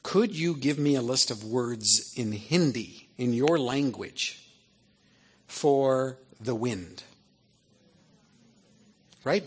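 Husky fifty-something guy telling stories to a crowd, chatty, keeps saying right?. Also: mid-range voice. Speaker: author and speaker. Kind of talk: storytelling talk to an audience.

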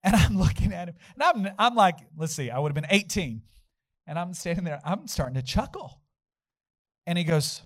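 Male pastor, high expressive voice, dry sound, storytelling sermon. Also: moderate pace, no room sound, rough recording. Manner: animated storyteller, acting out quotes with shouts.

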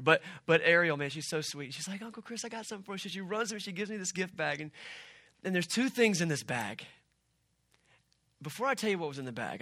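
Middle-aged male pastor, animated conversational sermon, bright voice, dry close sound. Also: mid-range voice, dry recording. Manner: animated, conversational preaching with asides.

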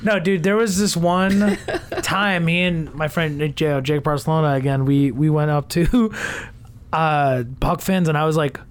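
A man's voice: fairly high pitch, steady tone, a little slow, clean tone. A young man, co-hosting a podcast in rambling, casual chat with lots of fillers and swearing. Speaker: podcast co-host.

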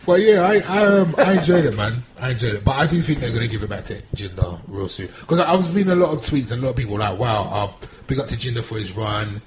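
Male co-host, laid-back, very expressive pitch, crowd noise behind. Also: quick pace, few pauses, rough recording. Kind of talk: casual wrestling podcast chat.

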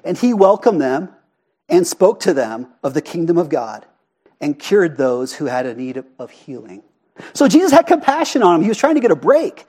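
Animated high-voiced preacher. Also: male voice, normal speed, breathy edge. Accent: Arizona. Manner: animated and conversational, often asking the congregation questions. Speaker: pastor. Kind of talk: sermon. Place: church sanctuary.

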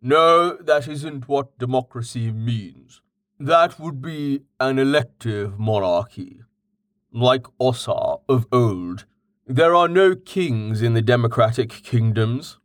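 Male narrator as patient, well-read companion, matter-of-fact, mid-pitched. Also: slow, no room sound, studio quality, close to an everyday voice. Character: patient man, well-read, calmly explaining.

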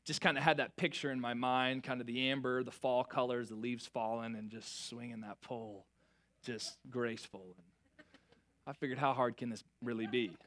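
A young adult man preaching a sermon, telling a self-mocking story with lively, animated delivery before reading scripture. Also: medium pitch, normal speed. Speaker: pastor.

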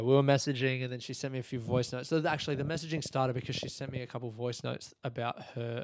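A man's voice: mid-range voice, vocal fry, no room sound, clean studio sound. Sleepy rambling man hosting a podcast. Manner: rambling, sleepy, profane and self-mocking. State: tired and yawning. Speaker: podcast host. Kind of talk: casual late-night monologue. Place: his room at night. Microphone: podcast microphone.

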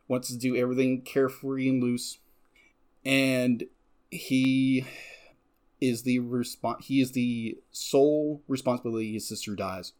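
A man's voice: medium pitch, darkish tone. A man co-hosting a film discussion, ranting with passion about a character he dislikes. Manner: heated, ranting, voice swings up when angry. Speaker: co-host. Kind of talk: passionate film review chat.

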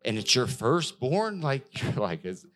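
A young man preaching a sermon as pastor, lively and acting out voices now and then. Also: mid-range voice, a little slow, faint music behind. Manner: animated, acts out voices of God and worshippers.

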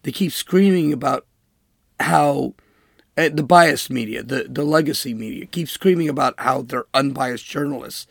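This political commentary host has a fairly high voice with vocal fry, captured in studio quality with no room sound. His opinionated monologue is emphatic and sarcastic, and he uses air quotes to mock.

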